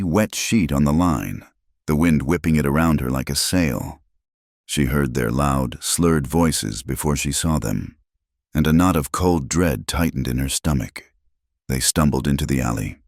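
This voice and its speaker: A man narrating a western story in a measured, solemn scripted delivery. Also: a bass voice, a little mellow, dry recording, clean studio sound.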